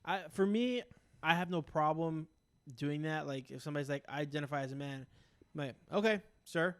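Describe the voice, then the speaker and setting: A man's voice: a little high, steady tone, brisk, clean tone. A man co-hosting a podcast, reading news aloud and chatting bluntly with jokes and swearing. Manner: blunt, joking, swears freely. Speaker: podcast co-host.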